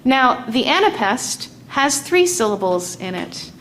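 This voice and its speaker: A woman teaching a lesson on poetic meter, speaking slowly and deliberately and tapping out the stressed and weak beats aloud. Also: on the high side, very animated, fairly bright tone, slight background noise.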